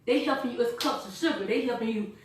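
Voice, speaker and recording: Energetic woman pitching to a room. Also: fast, a little hiss or hum. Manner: energetic, chatty, laughing, quizzing the audience. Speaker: product presenter. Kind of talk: lively sales pitch to a small group. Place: echoey room with a small live audience. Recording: echoey room from far off.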